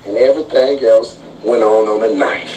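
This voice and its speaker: A man's voice: lowish voice, fairly even intonation, moderate pace, dark tone, distant mic. A man talking on a live stream, complaining in an agitated, profane way. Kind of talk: casual live-stream talk. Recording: noisy, off-mic.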